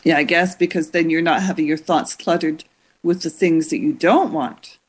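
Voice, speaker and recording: A woman's voice: sits low, steady tone, moderate pace, breathy edge. A woman hosting a casual podcast interview, asking curious questions and summing up her guest's points. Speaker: podcast host.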